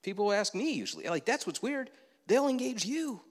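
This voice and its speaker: A man's voice: high voice, big pitch swings, normal speed, long reverb tail. Conversational male pastor preaching in a church. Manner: conversational preaching with rhetorical questions and asides. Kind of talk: sermon. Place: church sanctuary.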